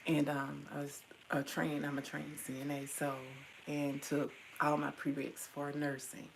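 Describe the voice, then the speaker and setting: A woman's voice: sits low, completely flat delivery, unhurried, gravelly, background noise. A middle-aged woman tenderly reminiscing about her mother to her viewers, at times teary-eyed. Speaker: vlogger. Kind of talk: personal storytelling to viewers.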